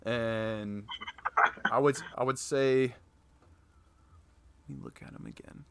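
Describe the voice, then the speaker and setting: A man serving as dungeon master, talking quickly and chattily and laughing often as he runs a tabletop game. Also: medium pitch, steady tone, vocal fry, clean tone, no echo.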